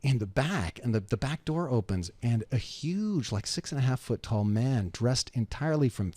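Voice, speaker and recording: A pastor telling a lively story as a radio guest, animated and acting out the people in it. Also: male voice, mid-range voice, moderate pace, no echo. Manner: animated storyteller, acts out voices.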